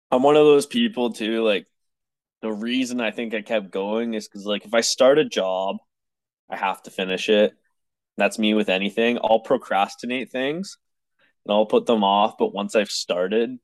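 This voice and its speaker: Young guy, lowish voice, ranting and cursing, dry close mic. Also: no echo. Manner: exasperated, swears a lot, rambling with restarts. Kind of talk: casual storytelling chat.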